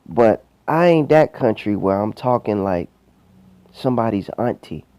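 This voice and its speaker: A low-voiced man with a Southern US accent delivers commentary very slowly and deliberately. His tone is dark and mellow, and he sounds skeptical and insinuating. The sound is dry, with no room echo. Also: expressive. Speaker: online commentator. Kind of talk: commentary video.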